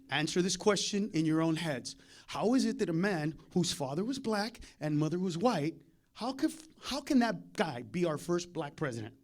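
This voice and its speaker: Stand-up comic, man, very high voice; rowdy, foul-mouthed, veers from shouted bits to muttered asides on a club stage. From United States. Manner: loud, profane, swings between shouting and muttering asides. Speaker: stand-up comedian. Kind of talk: stand-up comedy set.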